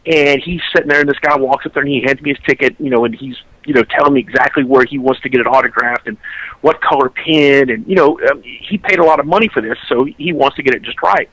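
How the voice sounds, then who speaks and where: A man's voice: mid-range voice, fast, fairly bright tone, no echo, rough recording. A man, a podcast co-host telling a long story in casual chat, rambling and restarting his sentences.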